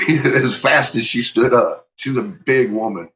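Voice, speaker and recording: A man's voice: medium pitch, a little slow, a bit bright, muffled recording. A man casually telling a personal story, swearing freely and laughing often as he talks.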